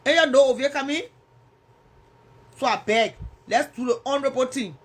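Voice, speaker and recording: This Liberian-accented woman runs a casual livestream, bantering with her audience and playfully ribbing them while responding to comments. She speaks at a moderate pace in a high, breathy voice.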